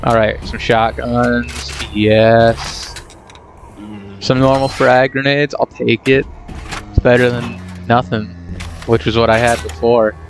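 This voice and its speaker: A man's voice: mid-range voice, fairly even intonation, takes it slowly, faint music behind. A man casually commenting on his own gameplay, rambling and self-deprecating as he talks to himself. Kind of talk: casual let's play commentary.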